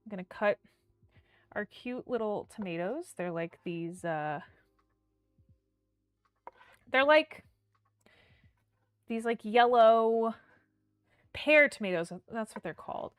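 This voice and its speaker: A woman hosting a casual cooking livestream, bubbly and excitable as she talks to her chat from her kitchen. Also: fairly high pitch, unhurried, pauses often, smooth, dry recording, clean studio sound. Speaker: livestream host. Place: home kitchen.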